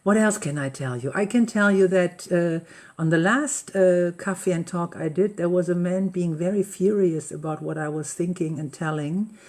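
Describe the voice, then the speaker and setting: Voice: mid-range voice, normal speed, darkish tone. A host telling everyday personal stories in a rambling, chatty way, often searching for the right English words. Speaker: host of a live coffee-and-talk session. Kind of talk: casual personal storytelling. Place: lives on a rural estate in Mallorca.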